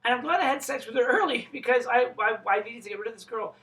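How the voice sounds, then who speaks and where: A man's voice: very high voice, fast, pushed and bright, poor audio. A man telling a personal story in a rambling, profane way, often breaking off and restarting. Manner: rambling, profane, self-interrupting. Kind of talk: casual storytelling monologue.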